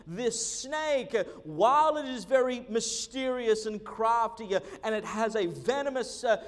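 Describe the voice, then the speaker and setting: A man preaching a sermon, animated and joking, with many fillers. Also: extremely high pitch, measured pace, in a large hall. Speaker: pastor.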